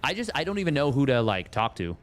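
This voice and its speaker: A man's voice: mid-range voice, sing-song, fast, a bit bright. A man doing casual live commentary on a strategy game match, playful and self-mocking, wandering into joking asides. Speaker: esports caster.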